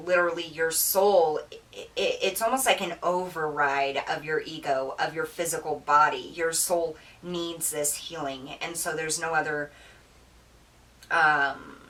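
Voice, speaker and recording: A woman's voice: low-pitched, steady tone, unhurried, fairly bright tone, recorded from a distance, poor audio. A woman giving an earnest, emotional tarot reading, with many fillers and restarts and near tears. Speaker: tarot reader. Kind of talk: spiritual tarot reading monologue.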